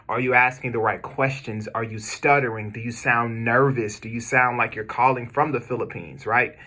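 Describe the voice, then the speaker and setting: Bright-voiced American man coaching staff. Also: mid-range voice. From United States. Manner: emphatic, repetitive, direct pep-talk delivery. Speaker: business owner coaching cold callers. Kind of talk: motivational training talk. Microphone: camera video, speaking to viewers.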